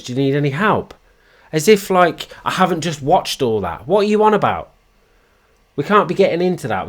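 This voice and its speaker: A man hosting a wrestling commentary show, talking in a blunt, frustrated casual rant with crude slang. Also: medium pitch. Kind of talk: opinionated casual monologue.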